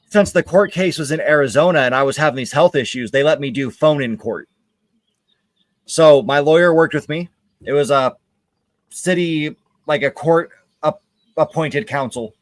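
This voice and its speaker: A man's voice: medium pitch, dry recording. A man hosting a casual gaming livestream, talking candidly and rambling with many hesitations and restarts. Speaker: livestream gamer host. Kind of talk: casual chat while gaming.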